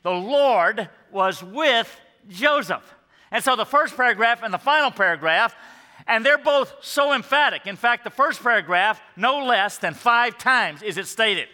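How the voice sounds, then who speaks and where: A male pastor delivers a sermon with a piercing, very bright tone that sits high for a man. He stresses his main points by saying them again and again. His voice rings out with the long reverb of a church hall. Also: animated, a little slow. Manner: emphatic, repeats key points. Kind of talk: scripture reading and sermon. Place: church sanctuary.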